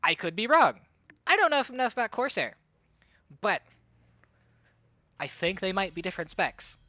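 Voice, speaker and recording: A man casting a live game tournament, hyper and excitable, rattling off play-by-play and getting out of breath. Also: sits high, normal speed, no echo, studio quality. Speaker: tournament caster and streamer. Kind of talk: live esports commentary.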